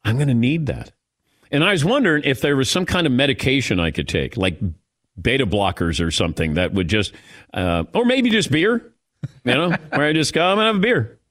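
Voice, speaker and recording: Animated middle-aged male radio host. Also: mid-range voice, brisk. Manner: reflective, self-mocking, animated. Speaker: radio sports talk host. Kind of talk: casual talk radio chat.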